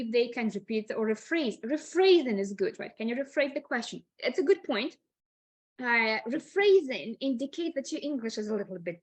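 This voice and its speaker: A woman's voice: fairly high pitch, no room sound. A woman English teacher giving a chatty online webinar lecture, often laughing and saying "like".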